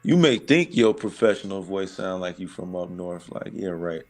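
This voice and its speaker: Deep-voiced American man. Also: lively intonation, moderate pace. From United States. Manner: confident, repeats words when starting. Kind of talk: casual group chat.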